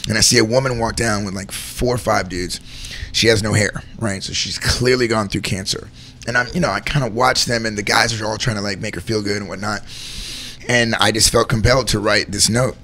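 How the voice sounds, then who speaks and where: Man, earnest storyteller, bright forceful tone, rambles with lots of "like" and "man". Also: lowish voice, steady tone, fairly quick, a little hiss or hum. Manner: earnest, rambling, heartfelt, says "man" and "like" a lot. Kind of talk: candid storytelling in conversation.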